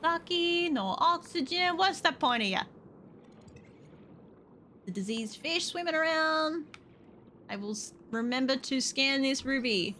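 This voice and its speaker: A young woman streaming a game, chatting to herself and yelling and swearing at the creatures on screen. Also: high voice, measured pace, long pauses, a little hiss or hum. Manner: expressive, swears and yells at the game. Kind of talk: casual gameplay commentary.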